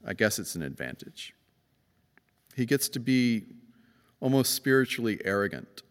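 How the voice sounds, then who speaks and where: A man's voice: sing-song, normal speed. Man preaching in a reverberant church. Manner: conversational, acts out quoted voices, emphatic swings in pitch. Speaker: pastor. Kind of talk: sermon. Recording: long reverb of a church hall.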